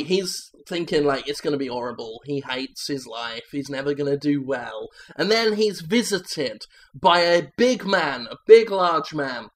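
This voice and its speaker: Comedy host, male, slightly high voice, rambling deadpan improv delivery. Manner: rambling, deadpan absurd pitch meeting.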